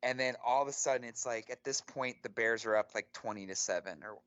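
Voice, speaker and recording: A young man co-hosting a podcast, telling a story in an animated, profane way full of fillers. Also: mid-range voice, fairly quick, smooth, dry recording, muffled recording. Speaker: podcast co-host. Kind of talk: casual storytelling.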